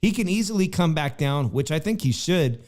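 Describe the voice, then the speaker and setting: A man's voice: fairly high pitch, lively intonation, moderate pace, a little mellow. A man hosting a casual boxing talk show, chatty and full of fillers, often addressing his co-host by name.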